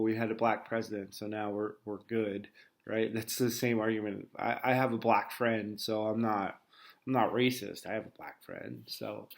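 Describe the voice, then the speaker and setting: Halting, gravelly-voiced American man. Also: medium pitch. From United States. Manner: hesitant, many fillers and restarts. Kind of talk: personal reflective monologue.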